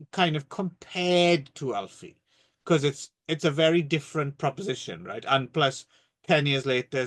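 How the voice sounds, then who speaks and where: A man's voice: a little high, a bit bright. Wry, swearing British man chatting. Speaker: podcast co-host. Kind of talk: casual film review chat.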